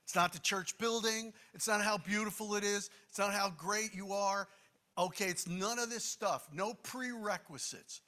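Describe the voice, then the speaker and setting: A man's voice: high-pitched, normal speed, pushed and bright. A man preaching a sermon in an emphatic, conversational way, with asides to the congregation.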